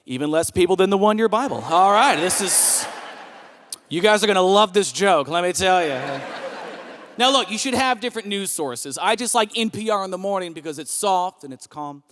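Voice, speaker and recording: A man's voice: moderate pace, a little hiss or hum. A man in his thirties performing a stand-up comedy set on a club stage, telling family stories and jumping into voices for the people in them. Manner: animated storyteller, jumps into high voices for characters. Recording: long reverb of a hall.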